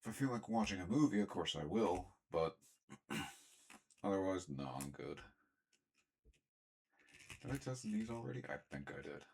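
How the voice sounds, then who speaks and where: A young man chatting casually as he unboxes and reviews action figures, rambling and often clearing his throat. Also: low voice, animated, moderate pace, long pauses, darkish tone, slight background noise. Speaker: toy reviewer.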